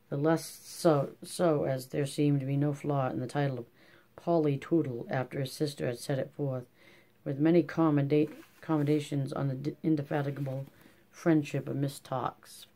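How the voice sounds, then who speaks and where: Mellow-toned audiobook narrator. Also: mid-range voice.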